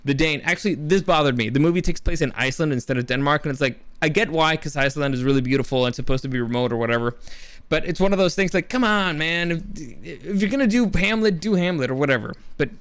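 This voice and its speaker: Talking fast in a high-leaning voice, a young movie reviewer gushes about films in a loose, rambling way, frequently starting over. There is no room sound in the recording.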